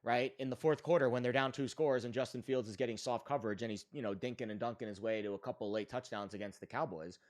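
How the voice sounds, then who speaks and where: A man's voice: medium pitch, fast talker, few pauses, darkish tone. A man co-hosting a sports betting podcast, giving emphatic, opinionated analysis in a casual chat with frequent fillers.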